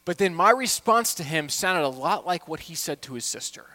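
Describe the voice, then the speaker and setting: Impassioned pastor, slightly high voice. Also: male voice, animated, moderate pace. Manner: impassioned preaching, swinging from hushed to loud. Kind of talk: sermon.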